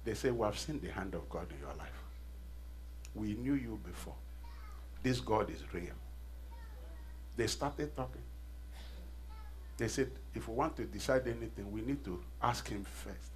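A man's voice: fairly low pitch, lively intonation, a little slow, long pauses, a little hiss or hum. A middle-aged man preaching a sermon, leading call-and-response and repeating phrases with rising intensity. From Nigeria. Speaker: pastor.

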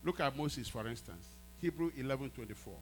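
A man's voice: mid-range voice, lively intonation, brisk, slight background noise, low-quality recording. A man preaching a sermon as a pastor, emphatic, repeating phrases and prompting his congregation.

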